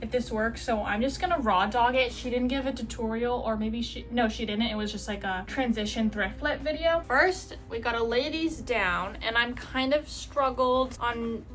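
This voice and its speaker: A chatty young woman vlogging from her bedroom, her voice sitting a little high as she rambles loosely through her clothes. She swears casually and has the hiccups. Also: normal speed, few pauses, fairly bright tone. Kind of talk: casual chat while sorting and cutting clothes.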